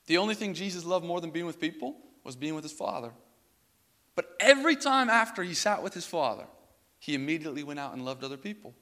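A male pastor delivers an earnest sermon in a somewhat high voice, repeating his phrases and swelling to emphatic peaks. His voice carries a long reverb from the church hall around him. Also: lively intonation, quick pace, a bit bright.

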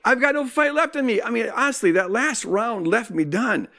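A man telling a personal story in a sermon, animated and acting out what people said. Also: very high voice, normal speed, gravelly. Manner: animated storytelling with acted-out quotes. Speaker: speaker.

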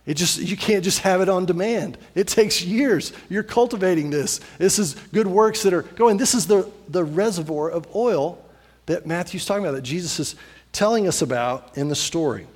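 A man preaching a sermon as pastor, animated and repetitive, acting out little voices as he tells a story. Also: high voice, normal speed, husky, big-room sound.

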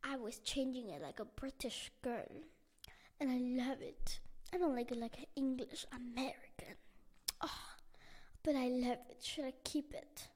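A woman voicing a kind elderly woman, speaking softly and gently. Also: high-pitched, measured pace. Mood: pleased. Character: kind elderly woman who sews magic clothes.

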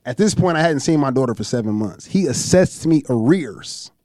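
A man, host of a chat show, telling a long story in a profane, animated way and acting out what others said. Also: mid-range voice, normal speed, no echo, clean studio sound. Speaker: podcast host.

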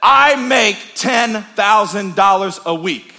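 Smug, unshakable castaway, done by a preacher. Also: male voice, sits high, animated, takes it slowly, sharp tone, pitched above the performer's own voice, exaggerated voice. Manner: firm, confident insistence. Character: calm, self-assured stranded man.

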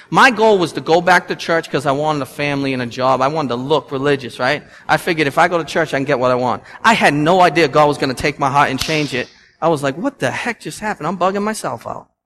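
A young man, a pastor preaching a sermon, telling stories with swings from loud to hushed. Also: a little high, a little hiss or hum. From Massachusetts.

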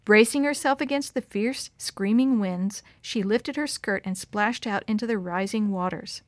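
A woman narrating a story in an expressive, dramatic reading. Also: medium pitch, normal speed, no room sound, studio quality.

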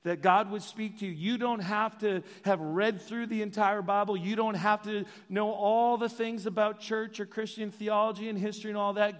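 A man preaching a sermon as pastor, animated and joking in asides. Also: high voice, big-room sound.

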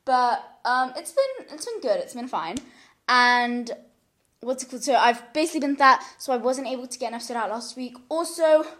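A slightly high-voiced woman talks through a casual solo podcast, rambling from thought to thought and laughing often. She sits on a couch at home with a big microphone pulled up close. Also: animated, moderate pace, fairly bright tone. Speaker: podcast host. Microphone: large studio mic pulled up close.

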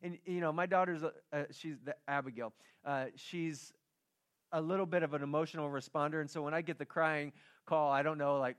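A middle-aged man preaching a sermon, telling a family story in a conversational way that swings from hushed to loud and emphatic. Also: a little high, fairly even intonation, a little fast, clean tone. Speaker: pastor.

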